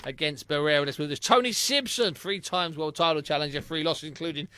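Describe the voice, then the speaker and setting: A man's voice: fairly high pitch, fairly quick, sharp tone, clear, resonant tone. A man hosting a boxing podcast, chatting casually and reading out listener answers. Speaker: podcast host.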